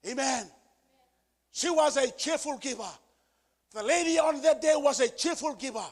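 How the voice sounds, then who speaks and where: A male pastor preaching a sermon with emphasis, repeating key phrases and building to shouted peaks. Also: very high voice, moderate pace. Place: church service.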